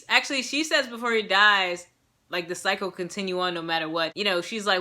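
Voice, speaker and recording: A young woman giving a casual, sassy and animated recap of a show episode, full of slang. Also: fairly low pitch, fairly quick. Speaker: show reviewer.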